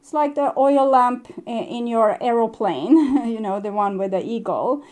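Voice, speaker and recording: A woman with as a giving a casual spoken tarot reading, gentle and reflective, with soft laughs and hesitations. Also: a little high, animated, measured pace. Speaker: tarot reader.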